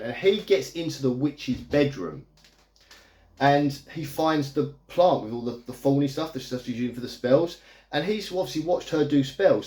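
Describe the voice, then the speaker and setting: A man's voice: mid-range voice, darkish tone. A man in a casual video review, recapping a movie plot in a chatty, amused, rambling way. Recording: echoey room.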